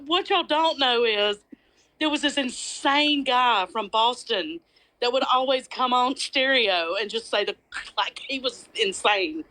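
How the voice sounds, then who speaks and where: A woman's voice: fairly high pitch, unhurried, pushed and bright, rough recording. A woman hosting a casual chat, telling a funny story and often breaking into laughter. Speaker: host.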